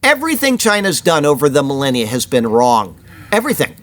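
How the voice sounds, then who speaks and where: A man's voice: a little high, wildly swooping pitch, brisk, fairly bright tone. A man hosting a weekly news commentary show, chatty and opinionated, with rambling personal asides. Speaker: host of a weekly prophecy news report.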